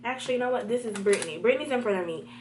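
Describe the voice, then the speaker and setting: A young woman telling a storytime vlog, animated and talking straight to her viewers. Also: fairly high pitch, rapid-fire, a little hiss or hum. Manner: animated, talks to viewers directly.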